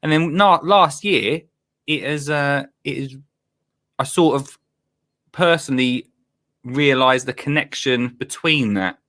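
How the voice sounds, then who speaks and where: A man's voice: mid-range voice, takes it slowly, pauses often, sharp tone. A man hosting a casual chat show, bantering and laughing often. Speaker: host.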